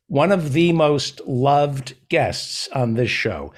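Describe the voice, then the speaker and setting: A man's voice: medium pitch, animated, takes it slowly, hardly any pauses. A man hosting a podcast, introducing his guest and chatting casually with small stumbles. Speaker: podcast host. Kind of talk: casual interview chat.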